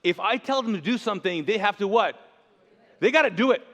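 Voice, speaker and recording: A pastor preaching a sermon in a church, animated and jokey, often asking the audience to fill in words. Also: male voice, high-pitched, a little fast. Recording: long church reverb.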